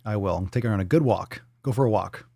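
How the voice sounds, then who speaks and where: A man's voice: fairly low pitch, a little fast, vocal fry, warm tone, no room sound, studio quality. A man hosting a casual livestream, playful and swearing freely, cooing at his dog in baby talk. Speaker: livestream host.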